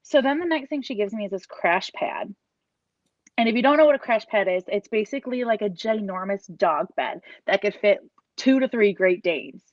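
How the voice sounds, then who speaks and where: A woman's voice: mid-range voice, expressive, moderate pace, no echo. Earnest woman in her thirties sharing a personal story over a video call; dry, dull lo-fi audio. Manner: earnest, rambling with restarts and quoted inner thoughts. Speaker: parent giving a testimonial. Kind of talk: emotional personal story, casual.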